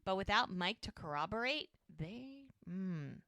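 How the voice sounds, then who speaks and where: A woman co-hosting a podcast, casually recapping a TV episode and acting out the characters' lines in quick voices. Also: medium pitch, animated, pushed and bright, dry recording. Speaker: podcast co-host.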